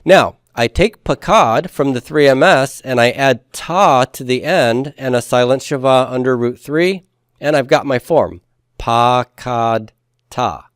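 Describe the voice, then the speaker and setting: A man's voice: mid-range voice, measured pace, no echo, clean studio sound. Patient man lecturing on grammar. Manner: patient, step-by-step explaining, has the class repeat forms aloud. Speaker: Hebrew grammar teacher. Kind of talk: classroom lecture.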